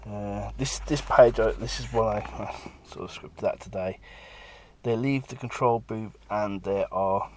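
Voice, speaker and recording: Lowish-voiced guy showing off his comic pages, rambly, jumps into character voices now and then. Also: a little slow, darkish tone, a little hiss or hum. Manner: rambling, acts out bits of dialogue. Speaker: comic artist.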